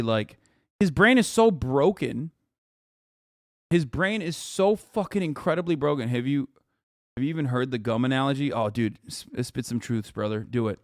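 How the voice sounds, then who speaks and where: A man's voice: mid-range voice, no echo, clean studio sound. A man streamer reacting to a clip, ranting in an incredulous and profane way. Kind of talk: live-stream reaction commentary.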